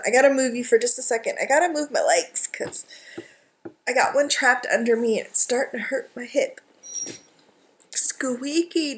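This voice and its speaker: A woman vlogger in her thirties or forties chatting casually from her couch at home, gushing and excitable as she shows off craft supplies, with lots of little asides. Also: on the high side. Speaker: craft vlogger and art journaling teacher. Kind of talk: casual chatty haul vlog.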